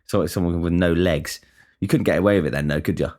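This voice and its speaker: A man's voice: deep voice, quick pace, a little mellow. A man hosting a casual solo podcast, rambling and swearing with many restarts. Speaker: podcast host.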